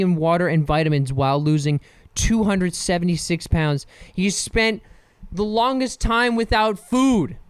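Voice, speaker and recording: A man's voice: high voice, smooth, no echo. A man hosting a casual solo podcast, rambling and joking and often laughing. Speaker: podcast host.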